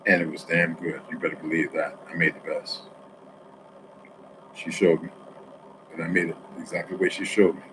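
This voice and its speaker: A man from New Jersey talking in a rambling, profane monologue, swinging between loud outbursts and quiet asides. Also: low voice, flat delivery, moderate pace, pauses often, noisy background.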